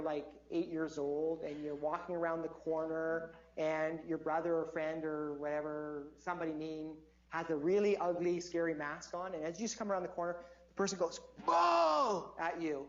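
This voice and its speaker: Energetic man guiding a lecture class. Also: high voice. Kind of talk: interactive stress-relief lesson. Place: lecture hall. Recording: dull lo-fi audio with faint hum.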